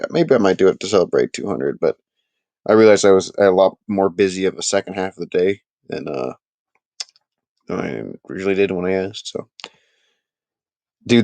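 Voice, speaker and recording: A man hosting a casual live sports talk stream, chatting with his viewers and making animated, emphatic points. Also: low-pitched, no room sound.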